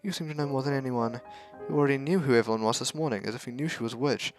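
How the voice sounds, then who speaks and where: Serious determined teen girl, pushy and up high, guy doing her. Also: rapid-fire, faint music behind, natural voice. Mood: urgent.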